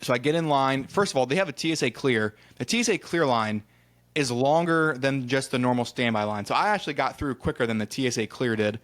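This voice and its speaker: A man's voice: medium pitch, a little fast, a bit bright. A man from Ohio co-hosting a podcast, telling a rambling travel story in casual chat and acting out the people in it, with a bit of casual swearing. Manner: rambling storyteller who acts out quoted exchanges, swears casually. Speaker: podcast co-host.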